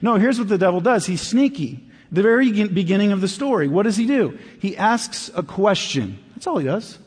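Husky-voiced male pastor preaching. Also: expressive, brisk, long reverb tail. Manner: conversational preaching, dropping low and quiet for emphasis. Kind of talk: sermon.

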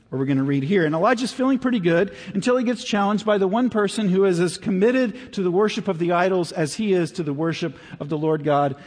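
Pastor, male, preaching in a church hall, husky tone, long reverb; chatty, lively, drops to near-whispers. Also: high-pitched. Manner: conversational, swings between animated and hushed. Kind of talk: sermon. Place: church sanctuary.

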